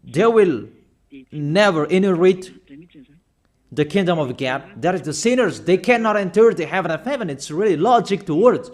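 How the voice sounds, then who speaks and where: A man with a fairly high voice delivers a sermon, hammering his points home and repeating them. His English is halting, with fillers and non-native phrasing, and he keeps turning questions on his listeners. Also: lively intonation. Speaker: preacher.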